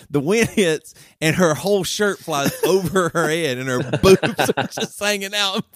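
A man hosting a podcast, telling comic stories in a lively way and often laughing as he talks. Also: sits high, a little slow, no room sound, studio quality. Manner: animated, laughs through his stories. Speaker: podcast host. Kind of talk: casual comic storytelling.

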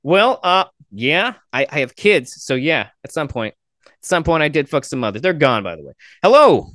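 Casual male podcaster, lively pitch, dry close mic. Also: moderate pace, dry recording. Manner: chatty joke telling with fillers. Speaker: podcast host. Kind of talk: casual video chat with strangers.

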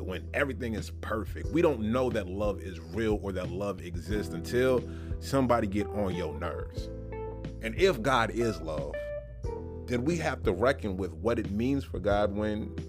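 A man hosting a casual Bible podcast, talking playfully and emphatically in slangy asides. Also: lowish voice. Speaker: podcast host. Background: background music.

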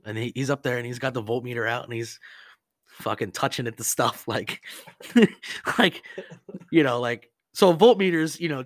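A man's voice: medium pitch, fairly bright tone, dry recording, studio quality. A man hosting a podcast, telling rambling service stories in a casual, profane way and laughing often. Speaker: podcast host. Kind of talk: casual storytelling chat.

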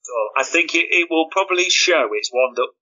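Bright, forceful podcast co-host man. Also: on the high side, a little fast, dull audio. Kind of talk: casual football podcast chat.

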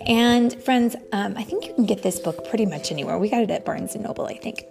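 A woman, a mother hosting storytime, reading a picture book aloud to children, gently and often in a whisper. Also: medium pitch, fast, gravelly. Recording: soft background music.

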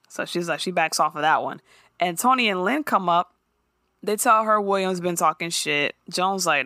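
A woman co-hosting a podcast, recapping a show in casual chat with animated, profane storytelling and quick character impressions. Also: fairly low pitch, dry recording, clean studio sound.

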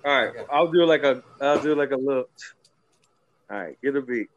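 A man's voice: mid-range voice, moderate pace, no room sound, dull audio. A man in loose, joking chat with friends, swearing freely. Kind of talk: casual chat among friends.

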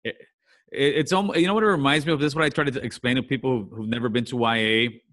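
A man's voice: mid-range voice, steady tone, rapid-fire, fairly bright tone. A man hosting a casual interview, affirming the guest and asking probing questions in profane speech. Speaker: host.

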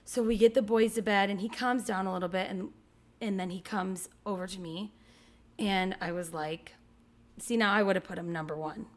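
A woman's voice: mid-range voice, steady tone, normal speed. A woman in her thirties, a podcast co-host and mother, chatting casually and acting out her kids' lines as she tells a story. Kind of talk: casual chat.

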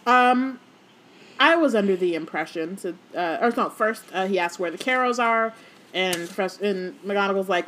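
A woman co-hosting a casual book podcast, joking and retelling scenes with quick asides. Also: medium pitch, fairly bright tone, slight background noise. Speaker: podcast co-host reading and discussing a book. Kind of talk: casual chat and reading aloud.

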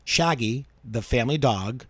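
A male podcast host telling a true-crime story in a measured way, dropping low for grim details. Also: animated, breathy edge, no room sound.

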